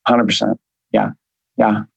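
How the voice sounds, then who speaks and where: A man's voice: fairly low pitch, level tone, measured pace, vocal fry, breathy edge, dry recording, low-quality recording. A man guesting in an interview, telling stories bluntly with casual profanity and a rambling, repeating flow. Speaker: guest, business coach. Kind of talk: candid interview talk.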